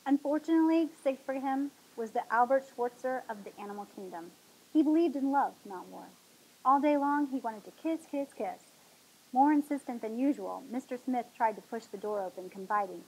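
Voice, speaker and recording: A woman hosting a talk show, reading a novel aloud in a dramatic, expressive way. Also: on the high side, moderate pace, husky, poor audio.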